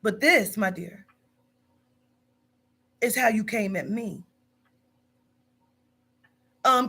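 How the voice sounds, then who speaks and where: A woman's voice: medium pitch, drawn-out words, long pauses, pushed and bright, slightly rough. A woman in her forties, a business owner, scolding bluntly and profanely in a heated phone argument. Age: 40s.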